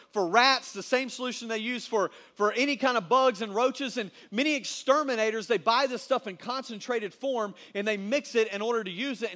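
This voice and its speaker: Man, very high voice, casual slangy sermon, lively storytelling.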